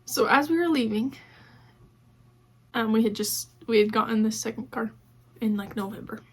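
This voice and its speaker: A woman vlogger with a fairly high, slightly breathy voice speaks at a moderate pace while casually telling stories from her own life. She acts out what people said, dropping in lots of "like"s.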